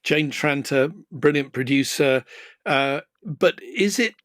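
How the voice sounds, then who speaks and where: A man's voice: a little high, slow, a bit bright, dry recording, clean studio sound. An older man co-hosting a podcast about television, talking casually with many fillers and restarts. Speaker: co-host, former TV executive.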